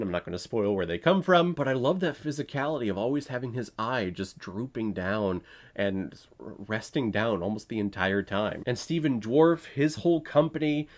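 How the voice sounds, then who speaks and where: A man's voice: mid-range voice, darkish tone. A man giving a casual, opinionated movie review, blunt, with sarcastic asides and the odd swear word.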